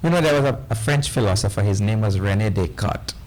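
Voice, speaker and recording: A man with a Trinidadian accent giving a spiritual discourse to a live audience, animated and often quizzing his listeners. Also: on the low side, quick pace, low-quality recording. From Trinidad and Tobago. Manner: animated, questioning listeners, playful asides. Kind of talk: lively lecture on scripture.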